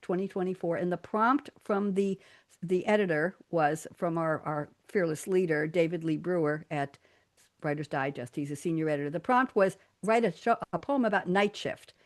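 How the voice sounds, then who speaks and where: A woman's voice: fairly low pitch, moderate pace. An older woman hosting a live radio talk show, reading quotes and poems aloud in a playful, theatrical way and laughing often. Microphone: studio mic.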